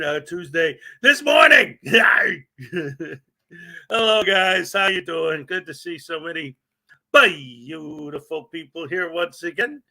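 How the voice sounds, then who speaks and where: A man's voice: high voice, pushed and bright. Upbeat man greeting live chat viewers. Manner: upbeat, joking, reads viewer names aloud. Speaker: livestream host.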